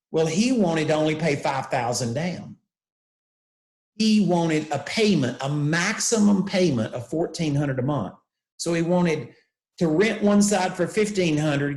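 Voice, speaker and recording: Older man telling a story in an echoey room. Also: a little high. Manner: animated storyteller, acts out dialogue. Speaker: real estate investing coach, guest. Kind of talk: storytelling teaching talk.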